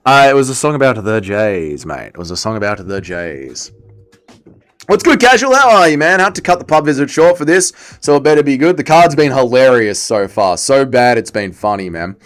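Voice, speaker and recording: A young man live-streaming, chatting casually and excitably while he plays, swearing and reading chat aloud. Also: mid-range voice, moderate pace. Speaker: livestreamer.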